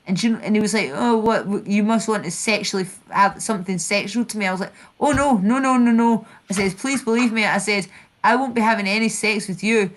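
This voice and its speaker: A woman's voice: medium pitch, fast talker. A Scottish woman hosting a casual chat stream, rambling and swearing as she retells online feuds. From Scotland. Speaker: channel host.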